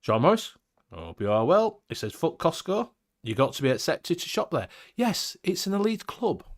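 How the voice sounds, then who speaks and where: A man's voice: fairly high pitch, very animated, moderate pace. A man hosting a casual livestream chat, joking, swearing freely and greeting viewers by name. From United Kingdom. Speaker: host.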